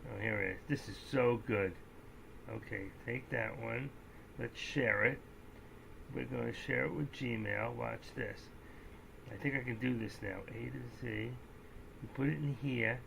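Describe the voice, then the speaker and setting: A man giving casual, rambling live-stream commentary on stock trades, joking and breaking into excitable outbursts. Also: mid-range voice, unhurried, vocal fry, background noise. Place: indoors at home, seated.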